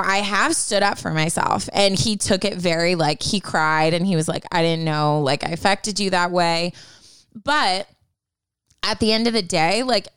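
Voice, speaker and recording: A woman's voice: medium pitch, a bit bright, smooth, no room sound. A young woman in casual chat, giving candid advice with lots of fillers. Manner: candid, chatty, many fillers.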